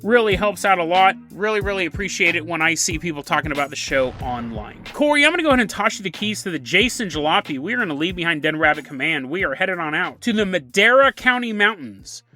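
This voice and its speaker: Bright, animated podcast host storyteller. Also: male voice, high-pitched, fast talker, hardly any pauses, faint music behind. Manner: jokey, rambling, laughs at his own asides.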